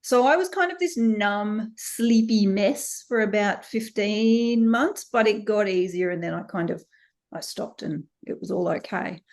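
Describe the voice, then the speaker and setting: In a medium-pitched voice and a slightly slow pace, an Australian woman in her thirties, founder of a company, gives a frank interview. She stays animated throughout, often laughing while doing impressions of other people.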